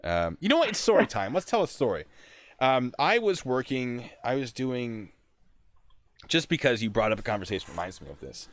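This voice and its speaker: A young man, a sergeant hosting a casual chat, telling stories in an animated way. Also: mid-range voice, normal speed, no echo. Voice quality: animated, shouts in retold scenes. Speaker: host, army sergeant.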